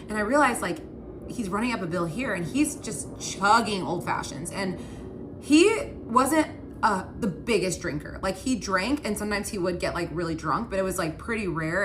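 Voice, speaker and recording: Young woman storyteller, lowish voice, chatty "like"-heavy retelling, light background hiss. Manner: animated retelling with many "like" fillers, quoting both sides of arguments. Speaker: storyteller recounting her relationship. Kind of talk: casual storytelling.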